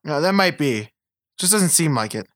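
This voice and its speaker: A man's voice: a little high, expressive, normal speed, no echo, studio quality. A man co-hosting a podcast, chatting bluntly and profanely as he dismisses a movie. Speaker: podcast co-host. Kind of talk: casual movie chat.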